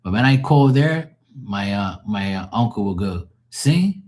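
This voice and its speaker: A man's voice: on the low side, expressive, moderate pace, a little mellow. A man doing casual chat with his live viewers as a tarot reader, rambling and loose, swearing and laughing often.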